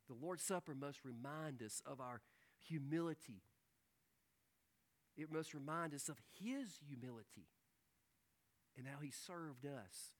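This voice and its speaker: A man preaching a sermon, reading scripture aloud and swinging from loud emphatic peaks to hushed low lines. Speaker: pastor.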